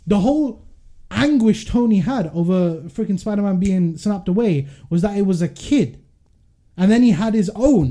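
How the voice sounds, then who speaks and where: High, mellow-voiced ranting man. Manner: passionate, indignant, fast rants. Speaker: podcast co-host. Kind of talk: casual ranting chat.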